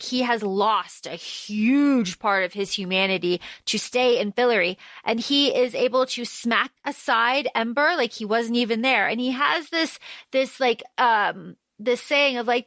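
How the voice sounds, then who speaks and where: Woman co-host, high and bright, lively plot recap, dry close-mic sound. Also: no room sound. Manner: animated retelling with acted-out quotes. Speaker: podcast co-host. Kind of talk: casual book discussion.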